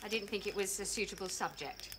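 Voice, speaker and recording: An actress playing a sharp-tongued, loyal wife with a cutting, frosty manner. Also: female voice, medium pitch, fast talker, background noise, natural voice. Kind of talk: 1980s TV sitcom acting.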